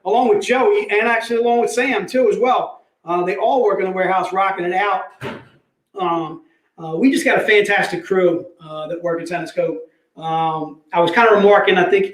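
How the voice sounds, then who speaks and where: A man hosting a casual live sales stream from an office, joking around, laughing often and calling people "dude". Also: sits high. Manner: jokey, laughs often, says "dude" a lot. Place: company office. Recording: roomy echo.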